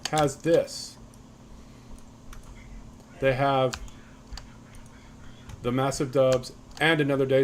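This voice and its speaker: A man's voice: mid-range voice, a little hiss or hum. Guy casually explaining his card game, mid voice, lots of ums, faint typing behind. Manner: loose and rambling, frequent ums and restarts. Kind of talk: casual tutorial walkthrough.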